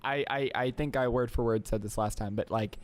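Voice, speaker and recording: A young man co-hosting a podcast, talking in an animated, exasperated way and slipping into quoted voices. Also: mid-range voice, fairly quick. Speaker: podcast co-host. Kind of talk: casual chat.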